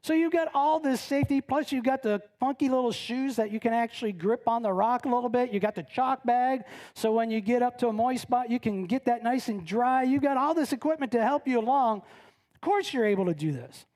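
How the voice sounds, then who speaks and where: A woman's voice: fairly quick, a little mellow. A middle-aged woman pastor delivering a conversational sermon, telling stories with frequent tag questions and acting out the voices of the people in them. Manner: chatty storytelling, frequent "right?" tag questions; acts out quoted voices with big pitch jumps. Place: church sanctuary.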